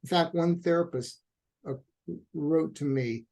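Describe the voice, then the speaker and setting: A middle-aged man who works as a couples therapist answers questions in a conversational interview, telling stories and acting out quotes with animation. His voice is a little high and his pace measured.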